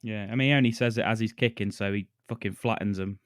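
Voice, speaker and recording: A man co-hosting a podcast, recapping a film's plot in a relaxed, sweary way with laughs. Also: fairly low pitch, quick pace, smooth, no echo, clean studio sound. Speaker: podcast co-host. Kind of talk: casual chat.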